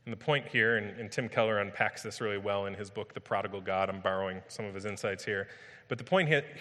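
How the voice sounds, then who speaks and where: A man's voice: lowish voice, pushed and bright. A man preaching a sermon as pastor, retelling scripture emphatically and vividly, often repeating his phrases. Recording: long hall reverb.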